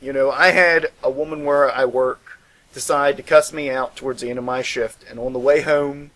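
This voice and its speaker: A man's voice: medium pitch, fairly even intonation, moderate pace, fairly bright tone, low-quality recording. A man guest-hosting a podcast, telling a personal story in an earnest, reflective way and raising his voice to act out quoted lines.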